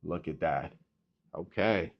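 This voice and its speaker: A man's voice: low-pitched, slow, creaky, lo-fi sound. Chatty man giving a home tour. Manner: chatty, salesy, addresses viewers directly. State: a bit out of breath. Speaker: real estate tour host. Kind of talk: walking home tour vlog. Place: inside and around a model home.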